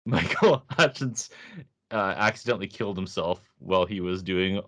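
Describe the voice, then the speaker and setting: Man, low voice, casual podcast chat, sarcastic, laughs a lot. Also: normal speed, a bit bright. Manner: laughs often, sarcastic asides. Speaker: podcast co-host.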